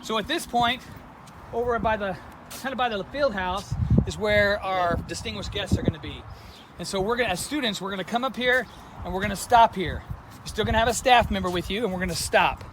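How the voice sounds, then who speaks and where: High-voiced man giving walking instructions outdoors. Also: fairly quick. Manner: chatty, filler-heavy, directive. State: slightly out of breath. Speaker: school administrator. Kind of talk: walkthrough video instructions. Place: outdoors at a school sports field. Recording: noisy outdoor phone recording.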